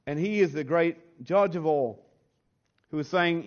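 A man with a notably high voice delivers a church sermon. He talks earnestly and pushes up in pitch and force when he stresses a point. The recording is a bit muffled and lo-fi. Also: a little slow. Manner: earnest, rising in pitch and force on emphatic lines. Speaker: pastor. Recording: slightly dull, lo-fi sound.

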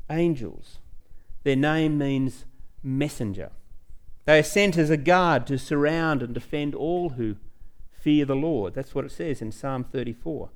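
A middle-aged man, preaching a sermon in a church and telling personal stories with growing excitement. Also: a little high, moderate pace. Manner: storytelling, animated, rising excitement. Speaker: pastor.

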